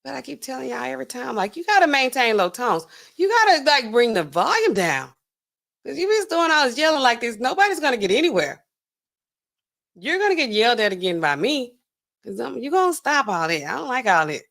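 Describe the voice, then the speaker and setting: Woman, pharmacist host, casual livestream chat, fairly high voice, animated. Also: creaky. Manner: animated, acts out customers in quick asides.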